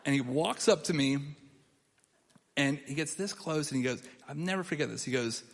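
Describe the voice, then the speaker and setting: A young man telling a long story in stand-up, animated, laughing at his own jokes and putting on voices of other people. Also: on the high side, normal speed, creaky, in a large hall. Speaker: comedian. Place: comedy club stage before a laughing audience.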